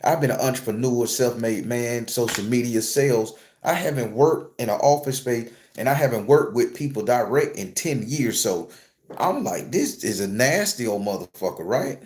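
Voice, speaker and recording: A man's voice: mid-range voice, normal speed, a little mellow. A man vlogging a casual story as a blunt, profane and emphatic rant.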